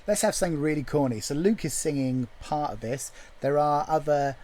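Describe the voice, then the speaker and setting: A man's voice: on the high side, normal speed, darkish tone, low-quality recording. Man musing aloud while writing a musical. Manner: musing aloud, joking to himself. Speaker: musical writer. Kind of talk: casual commentary while composing.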